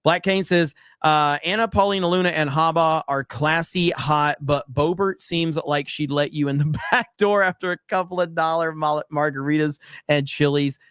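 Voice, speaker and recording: A man hosting a livestream, reading chat messages and riffing on them in a loose, swearing, laugh-prone way. His voice sits a little high for a man. The sound is dry and close, with no room echo. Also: moderate pace, few pauses, fairly bright tone, clean tone. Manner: loose and profane, laughs often. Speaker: podcast host reading viewer chats.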